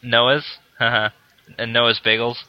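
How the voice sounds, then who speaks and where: A man's voice: medium pitch, level tone, very slow, clear, resonant tone, no room sound, lo-fi sound. A man co-hosting a casual podcast, telling a rambling story with lots of laughs and fillers. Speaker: podcast co-host. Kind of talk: casual chat.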